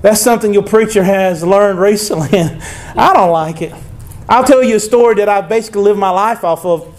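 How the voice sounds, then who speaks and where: High-voiced, emphatic man preaching a sermon. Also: normal speed, darkish tone. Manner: emphatic, conversational, with frequent asides and call-outs to the congregation. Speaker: pastor.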